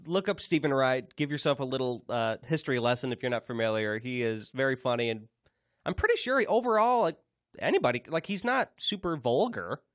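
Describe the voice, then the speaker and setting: In casual podcast chat, a male co-host rambles briskly with many restarts and fillers, his medium-pitched, fairly bright voice swinging widely in pitch. The recording is studio quality, with no echo.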